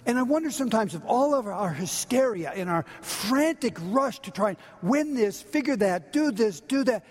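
Male pastor, high and husky, dynamic sermon delivery, long hall reverb. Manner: dynamic preaching, swinging from loud to near-whisper.

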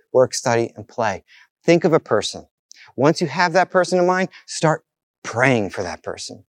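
A man's voice: medium pitch, a little mellow, no room sound, studio quality. A man preaching a sermon as pastor, with an earnest, repetitive preaching cadence.

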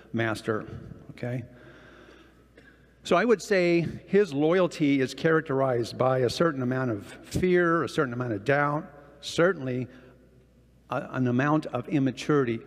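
A man with a gravelly voice preaches a Bible-study sermon in a church hall, the long reverb trailing after his words. He keeps the tone conversational and keeps checking in with his listeners. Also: mid-range voice. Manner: conversational, often checks in with the audience. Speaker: guest preacher. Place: church or meeting hall with projected slides.

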